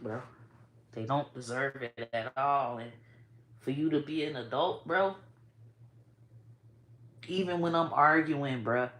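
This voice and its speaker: Blunt, emotional woman vlogger in echoey room. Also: very deep voice. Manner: blunt, profane, keeps saying "bro" and "y'all"; emotional, swinging between soft and loud. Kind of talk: casual commentary to camera.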